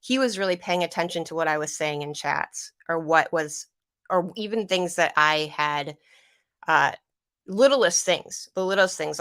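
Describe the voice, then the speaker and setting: Low-voiced woman recounting a painful story. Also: gravelly, sharp tone, no room sound, studio quality. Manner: rambling, repeats herself, voice catching with emotion. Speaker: guest. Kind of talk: emotional personal account on a livestream.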